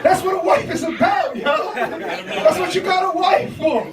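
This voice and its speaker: Onstage at a comedy club, a young man with an extremely high voice takes his time through a loose, profane stand-up set, cracking himself up along the way. It's recorded from afar in the echoey room, and the crowd's laughter and reactions come through.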